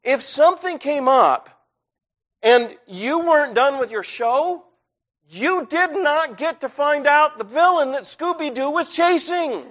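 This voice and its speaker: A middle-aged man delivers a sermon in a church with a notably high voice. He speaks conversationally, pressing harder at times, as a pastor addressing his flock. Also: lively intonation, a little slow, fairly bright tone. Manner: conversational, rising to intense. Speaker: preacher.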